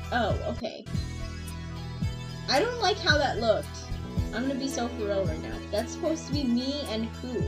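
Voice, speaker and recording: A young woman streamer reacting live to videos, excitable and slangy, swearing often and shrieking in disgust, with music playing behind her. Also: on the high side, normal speed, pauses often, poor audio.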